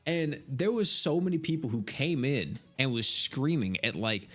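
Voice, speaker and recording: A man in his twenties from the United States chats casually on a livestream, his voice sitting in an ordinary middle register. He tells stories in an exasperated tone, swearing and laughing freely. Soft game music plays faintly under him. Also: mid-range voice, very animated, moderate pace. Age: 20s. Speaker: game streamer. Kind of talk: casual storytelling chat while gaming.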